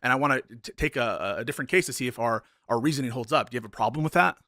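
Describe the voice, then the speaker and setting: A man's voice: mid-range voice, racing, sharp tone, dry recording, clean studio sound. A young adult man in an online debate, arguing his case with many restarts, fillers and hesitations.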